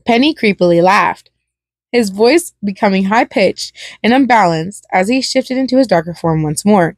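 A woman reading a fan story aloud, dramatic and expressive with a few stumbles. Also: mid-range voice, normal speed, no room sound, clean studio sound. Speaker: fan fiction reader.

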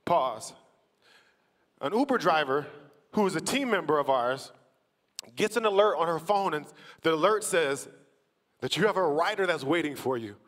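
High-voiced man preaching a story in a hall. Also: expressive, moderate pace, long pauses. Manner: storytelling with voiced quotes, building to shouted praise. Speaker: church team member telling a story. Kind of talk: testimony preached from the stage. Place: large church auditorium. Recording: long hall reverb.

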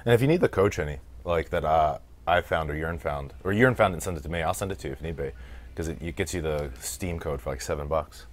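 A man's voice: sits low, quick pace. An American man doing casual let's-play commentary as a gaming streamer, chatty, laughing often and swearing freely while he reads the chat. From United States.

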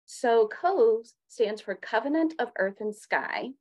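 A woman's voice: fairly high pitch, animated, takes it slowly, darkish tone. A woman who co-leads a church ministry, explaining it in a friendly way during a service. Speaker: ministry co-leader. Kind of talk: church talk.

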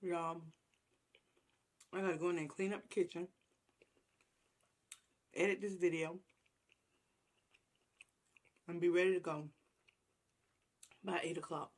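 A woman's voice: lowish voice, fairly even intonation, slow pace, long pauses. A woman vlogger chatting casually to her viewers while eating a meal on camera, savoring each bite. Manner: chatty, talks while chewing, savoring food. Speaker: mukbang vlogger.

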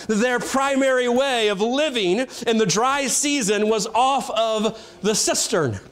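A man preaching a revival-style sermon in a fairly high voice. He swings between loud, shouted climaxes and hushed, low endings on phrases, with dramatic pacing throughout. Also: slow. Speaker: evangelist preaching.

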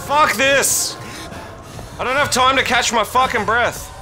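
A man streaming a horror game live, swearing a lot and yelling in panic between muttered asides. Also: very high-pitched, steady tone, brisk, over music. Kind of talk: live horror gameplay commentary. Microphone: streaming mic.

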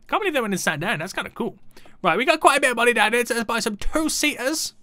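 A man's voice: very high-pitched, animated, fast, pushed and bright, no echo. A young man giving playful, chatty commentary on his gameplay and talking to the game's customers. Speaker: gaming YouTuber.

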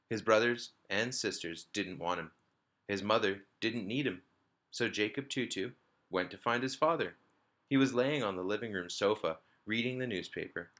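Man, teacher, reading a children's book aloud, lively storytelling, low pitch, bright tone. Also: moderate pace. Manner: lively storytelling, small slips and restarts. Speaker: teacher reading to his class.

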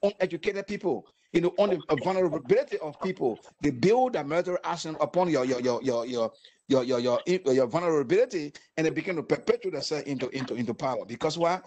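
Earnest halting man in his sixties. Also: fairly high pitch, lively intonation, a little mellow. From Africa. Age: 60s. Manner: halting, repeats words, earnest. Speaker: interview guest, war veteran. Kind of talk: emotional personal testimony.

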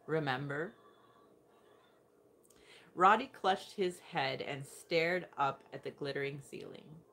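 Unhurried and low, with a touch of brightness, a woman narrates a scripted sci-fi short story as an audiobook reader, acting out multiple voices for the characters' dialogue.

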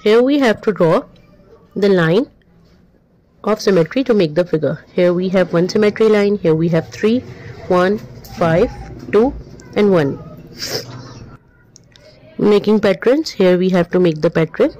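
A woman's voice: medium pitch, a little slow, pauses often, warm tone, slight background noise, rough recording. A woman, going through a maths workbook as a tutor, stating answers one by one and repeating them. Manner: plain step-by-step explaining, repeats answers. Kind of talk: workbook walkthrough lesson.

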